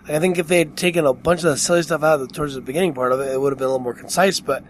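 A man co-hosting a podcast in casual chat, halting and full of fillers as he talks about a film he enjoyed. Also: a little high, fairly even intonation, a little hiss or hum. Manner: halting, filler-heavy, amused. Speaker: podcast co-host.

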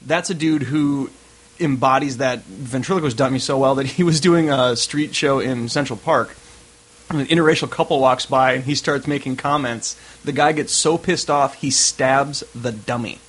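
Husky podcast guy, rambles through stories, easygoing. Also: mid-range voice, moderate pace. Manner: explains at length, storytelling. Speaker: podcast co-host. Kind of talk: casual chat.

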